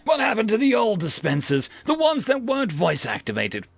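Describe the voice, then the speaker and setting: A man doing a worn-out spaceship crewman at the end of his rope, shouting and cursing in a high, strained voice. He barks short, exasperated demands with a gravelly edge. His voice is dry and close, with faint music underneath. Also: wildly swooping pitch, a little fast, dry recording, exaggerated voice.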